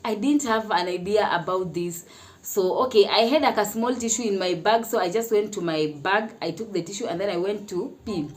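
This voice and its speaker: A woman's voice: medium pitch, normal speed. A Kenyan woman telling a personal story in a casual vlog, chatty, often laughing and mixing in Swahili phrases. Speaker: mother sharing her experience.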